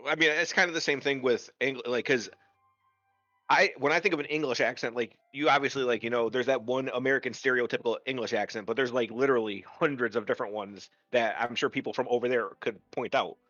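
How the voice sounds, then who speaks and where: A self-deprecating man with a bright, forward tone chatting with his gaming friends. He comes through a dull, dry, lo-fi home mic with faint music behind. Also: medium pitch, steady tone, fast talker, no echo. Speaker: player. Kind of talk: casual chat between game sessions.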